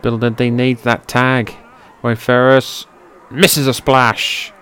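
Excitable man calling wrestling. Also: takes it slowly, clear, resonant tone. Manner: swings from low, offhand calling to loud, high-pitched shouting outbursts, swearing. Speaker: wrestling commentator. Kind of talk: amateur play-by-play commentary over old footage. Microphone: personal microphone.

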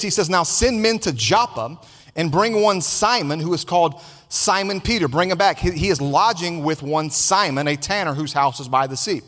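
A man's voice: fairly high pitch, a bit bright. A male pastor preaching a sermon, calling for responses from his congregation and repeating himself for emphasis. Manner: preaching with call-and-response, repetitions. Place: church sanctuary with congregation. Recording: long reverb of a large hall.

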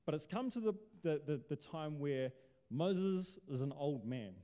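A man's voice: fairly high pitch, expressive, unhurried, warm tone. A man preaching a casual sermon, chatty and joking, firing off rhetorical questions. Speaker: pastor. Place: church hall. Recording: long hall reverb.

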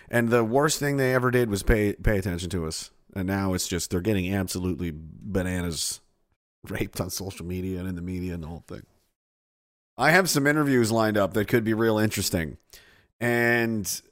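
A man's voice: fairly low pitch, moderate pace. A male podcast host chatting casually on a livestream, sarcastic and profane, often laughing at his own jokes.

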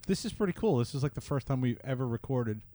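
A man's voice: mid-range voice, lively intonation, fast, mellow. A man co-hosting a podcast in casual chat, eager and talking in bursts. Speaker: podcast co-host. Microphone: headphones on.

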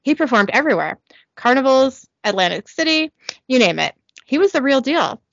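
A woman's voice: high-pitched, sing-song, moderate pace, creaky, fairly bright tone, dry recording, dull audio, pitched above the performer's own voice, exaggerated voice. A woman reading the lines of an earnest young male hunter.

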